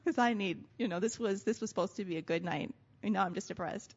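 A woman preaching a sermon in an animated way, laughing often and acting out voices as she talks. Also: medium pitch, fast talker, slightly rough. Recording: dull lo-fi sound.

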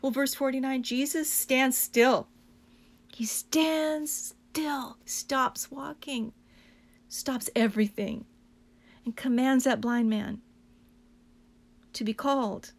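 A woman with a high voice delivers a sermon with fervor. She leans hard on repetition and builds to emphatic declarations. Her speech stays urgent and insistent throughout. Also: steady tone, takes it slowly, pauses often. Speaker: preacher.

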